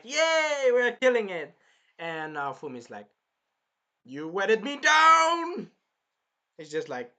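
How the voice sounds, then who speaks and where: A man with a bright, forceful voice that sits a little high. He rambles through a casual anime review, swearing freely and breaking into quoted lines of dialogue.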